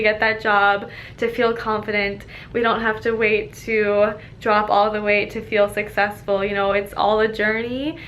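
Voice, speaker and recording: A woman's voice: on the high side, fairly bright tone. Upbeat young woman dietitian vlogging. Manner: enthusiastic, upbeat and encouraging. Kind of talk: casual vlog talk. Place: health clinic office.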